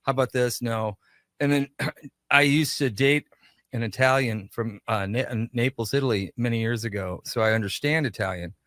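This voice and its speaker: A man's voice: mid-range voice, moderate pace, no room sound, clean studio sound. A man, a shop owner and guest on a radio show, telling a story in a casual interview and acting out the voices of the people in it. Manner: animated, acts out quoted dialogue.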